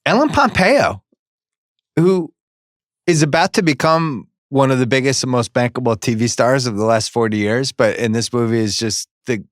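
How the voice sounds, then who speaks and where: A man's voice: mid-range voice, normal speed, dry recording, clean studio sound. A middle-aged man hosting a casual movie podcast, leading the segments with enthusiasm. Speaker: podcast host.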